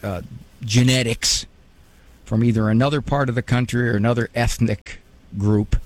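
A man hosting a radio call-in show. He gives advice in a quick, joking way and often repeats himself. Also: lowish voice. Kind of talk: casual advice call-in talk.

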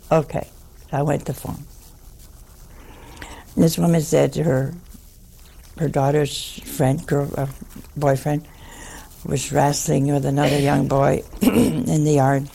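A woman's voice: deep voice, steady tone, slow, creaky, pauses often, dark tone, slight background noise. An older woman, a nun, telling a wry anecdote to an audience. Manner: wry, anecdotal, with dry asides. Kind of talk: storytelling talk to an audience.

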